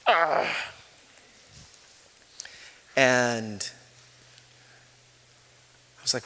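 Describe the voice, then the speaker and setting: Man in his forties, pastor, sermon, bright voice, long hall reverb. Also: mid-range voice, a little slow, pauses often. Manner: conversational, self-deprecating storytelling with laughs. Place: church sanctuary.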